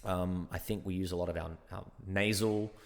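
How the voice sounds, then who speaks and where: A man's voice: sits low, moderate pace, vocal fry, big-room sound. A man with an Australian accent, an actor chatting casually as a guest and acting out little exchanges as he tells stories. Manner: animated storyteller, acts out exchanges. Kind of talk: casual interview chat.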